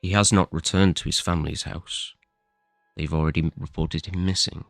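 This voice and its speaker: Stern father, slow and menacing, very deep and gravelly as voiced by a man. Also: steady tone, fairly bright tone, dry recording, studio quality, faint music behind, exaggerated voice. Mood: cold. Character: stern, cold father threatening his son.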